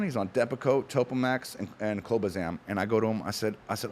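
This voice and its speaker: A man on a talk show, telling stories in a fast, animated, casual way with frequent restarts. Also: fairly low pitch, a little hiss or hum. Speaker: guest, cannabis company founder. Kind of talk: casual chat.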